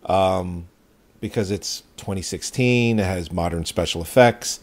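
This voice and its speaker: A man co-hosting a casual movie review chat in a relaxed, matter-of-fact way. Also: deep voice, measured pace. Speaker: podcast co-host.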